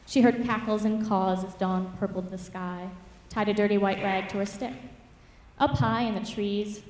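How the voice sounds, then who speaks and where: A woman mentor reading her own rhyming fable aloud at a public reading, with rhythmic, expressive storytelling. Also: medium pitch, a little hiss or hum. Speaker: writing mentor. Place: church hall at a public reading. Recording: echoey church hall from far off.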